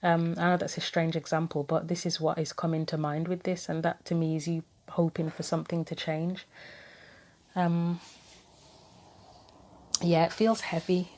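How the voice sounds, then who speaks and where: A woman giving a casual tarot reading to camera, thinking aloud with frequent pauses, earnest and gently sympathetic. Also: fairly low pitch, flat delivery. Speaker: tarot reader.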